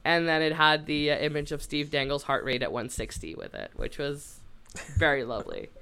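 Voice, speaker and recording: A woman's voice: low voice, lively intonation, fairly quick, creaky, a bit bright, clean tone. A woman co-hosting a podcast with friends, chatty, with lots of fillers and casual swearing. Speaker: podcast co-host. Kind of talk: casual chat.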